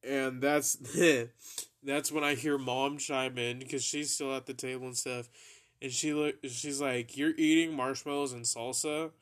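A young man spins a loose, swearing-heavy anecdote for his podcast. His pitch sits in an ordinary middle range, and he wanders through side remarks and chuckles as he goes. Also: level tone, a little slow, a bit bright. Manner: rambling, profane, laughs through his own story. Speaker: podcast host. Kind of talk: casual storytelling.

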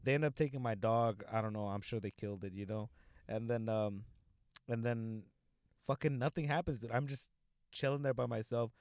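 A man's voice: mid-range voice, normal speed, a little mellow, no room sound. A young man from Southern California tells a long story in loose, casual chat. He swears freely and leans on fillers constantly. The recording is dry and close. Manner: rambling, profane, filler-heavy storytelling.

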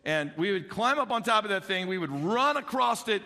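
Middle-aged male pastor, high bright voice, animated storyteller, big echoey hall. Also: moderate pace. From Illinois. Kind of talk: sermon.

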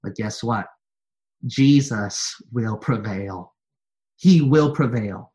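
A man's voice: lowish voice, takes it slowly. Man preaching with rising intensity. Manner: repetitive preaching refrains, building to forceful exhortation. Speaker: pastor. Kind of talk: sermon.

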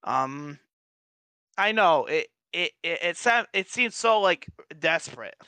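Bright-voiced young man venting. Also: on the high side, takes it slowly, smooth, no room sound. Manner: animated, profane storytelling with frequent restarts. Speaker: podcast co-host. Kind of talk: casual chat.

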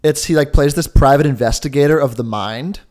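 A man's voice: mid-range voice, a little fast, darkish tone. A young man co-hosting a podcast in casual chat, rambling and jokey with lots of filler words. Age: young adult. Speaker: podcast co-host.

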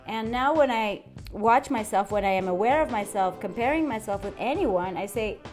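A woman hosting a motivational podcast monologue, talking in a chatty way, often checking in with the listener and shifting her tone and inflection as she gets excited. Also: medium pitch, moderate pace, faint music behind. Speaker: podcast host.

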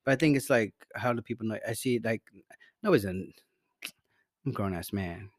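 A man's voice: on the low side, normal speed, no echo, studio quality. A man co-hosting a podcast in casual chat, profane and rambling, often restarting his sentences. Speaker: podcast co-host.

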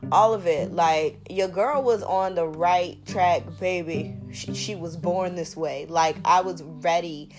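A young woman in her twenties with a slightly low voice talks openly on her podcast. Her speech is slangy, blunt and emphatic, and she repeats lines for effect. Music plays clearly behind her. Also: slow, few pauses. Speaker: podcast host. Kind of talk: casual monologue. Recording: music playing underneath.

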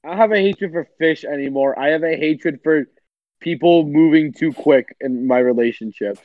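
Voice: mid-range voice, normal speed, no echo. A comedy podcast host voicing an awkward, hot-tempered cyborg man in improvised role-play, sweary and laughing. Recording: dull, dry, lo-fi.

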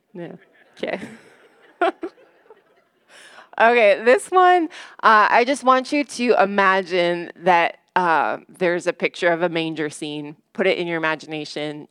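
A woman's voice: lowish voice, a little slow, fairly bright tone, clean tone, dry recording. A woman speaking at a church gathering in a chatty, self-deprecating way, telling jokes and laughing often. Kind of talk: casual sermon with jokes.

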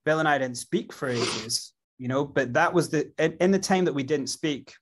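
A man's voice: a little high, moderate pace. A man with a Scottish accent, a guest in an interview, telling his story in a rambling way with many fillers and restarts. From Scotland.

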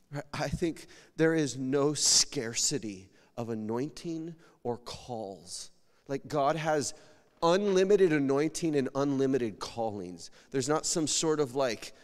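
A male pastor preaching an emotional sermon, swinging between loud pleading and near whispers while fighting back tears. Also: a little high. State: tearful. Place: church hall. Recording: long reverb of a large hall.

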